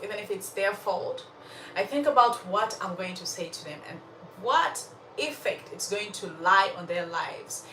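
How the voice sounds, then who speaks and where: A woman's voice: medium pitch, bright, forceful tone, roomy sound, recorded from a distance, slight background noise, low-quality recording. A woman telling a story with lessons about faith, talking animatedly, laughing often and speaking straight to her listeners.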